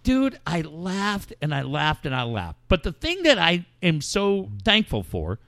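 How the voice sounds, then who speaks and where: A man's voice: fairly high pitch, wildly swooping pitch, a little slow, gravelly, a bit bright, no room sound. A man hosting a podcast, telling long stories in casual, profanity-heavy chat. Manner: profane, rambling storyteller. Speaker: podcast host.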